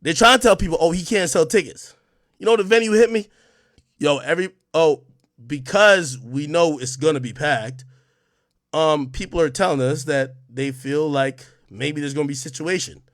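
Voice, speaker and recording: High-pitched man ranting on a stream. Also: moderate pace, no room sound, clean studio sound. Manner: aggressive, profane trash talk that swings from shouting to low muttering. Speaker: livestream host. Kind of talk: ranting livestream talk.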